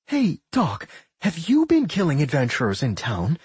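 A man voicing a worried, sharp-minded female pixie who thinks aloud and scolds her partner. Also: fairly high pitch, big pitch swings, normal speed, slightly rough, dry recording, voice pushed up, exaggerated voice.

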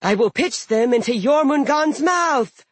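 A fierce giantess eager to kill, played by a male narrator who pushes high and loud into a slow, husky growl. She sounds like a storybook brute. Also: animated, no echo, exaggerated voice. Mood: bloodthirsty.

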